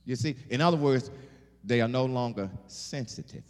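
A man preaching a sermon, animated, with call-and-response and laughing asides. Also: medium pitch, moderate pace. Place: church sanctuary. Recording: long hall reverb.

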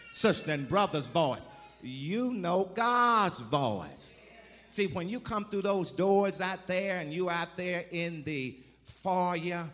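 A man preaching a sermon in the first person as a Bible figure, calling for responses and swinging from soft to loud. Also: a little high, in a large hall. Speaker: guest preacher.

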